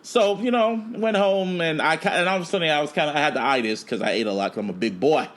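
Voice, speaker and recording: A man co-hosting a casual podcast, telling a story in an animated, profane way. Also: fairly high pitch, fast talker. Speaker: podcast co-host. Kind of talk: casual chat.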